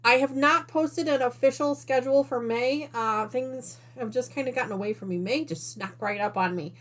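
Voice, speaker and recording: A woman's voice: high voice, moderate pace, fairly bright tone. A woman from Northern Illinois hosting a quilting live stream in casual chat, out of breath and chatty, with apologetic asides to her viewers. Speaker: quilting channel host.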